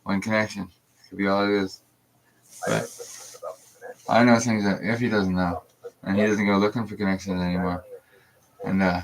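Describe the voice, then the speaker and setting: A man's voice: on the low side, level tone, moderate pace, long pauses, a little hiss or hum, rough recording. A man in his thirties giving a rambling, profane, confrontational monologue on a live stream. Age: 30s.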